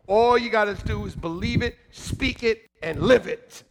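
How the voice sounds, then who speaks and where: A male pastor preaching a sermon to his congregation, joking with them and moving between quiet asides and shouted emphasis. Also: high voice, measured pace, vocal fry, a little hiss or hum. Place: church sanctuary.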